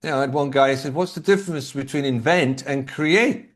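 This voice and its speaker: A man's voice: mid-range voice, brisk. A man talking as a leadership coach and guest in an interview, explaining his ideas through anecdotes and rhetorical questions. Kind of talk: conversational interview answers.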